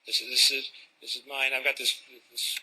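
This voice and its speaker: Bright-voiced male presentation coach. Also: medium pitch, moderate pace, slightly rough, rough recording. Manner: animated, demonstrative, rhetorical questions. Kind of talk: live talk to an audience.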